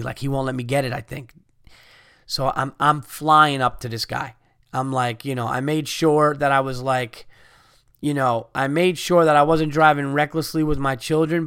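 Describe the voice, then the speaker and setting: A man's voice: a little high, fairly bright tone, clear, resonant tone, no echo, clean studio sound. A man in his thirties telling a heated, profane story as a podcast host, ranting and swearing. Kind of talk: angry storytelling rant.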